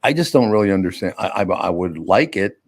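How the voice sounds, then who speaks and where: An older man hosting a podcast, chatting bluntly and telling animated stories with a bit of salty language. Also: low-pitched, a little fast, husky. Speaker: podcast host. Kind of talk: casual studio chat.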